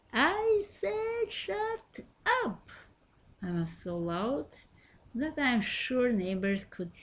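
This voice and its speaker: A woman's voice: mid-range voice, creaky, breathy edge. A woman reading her own first-person memoir aloud, telling it in a wry, self-mocking way.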